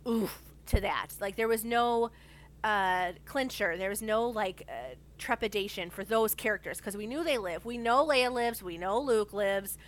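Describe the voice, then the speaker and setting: A woman's voice: mid-range voice, measured pace. A woman in casual conversation, talking enthusiastically and rambling with lots of fillers. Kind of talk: casual chat.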